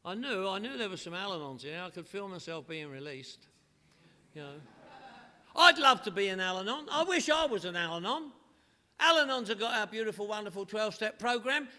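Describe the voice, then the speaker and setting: A man's voice: sits high, pushed and bright. An older man giving a humorous recovery talk to a live audience in a meeting hall, telling stories in a punchy, wisecracking way. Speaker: AA speaker.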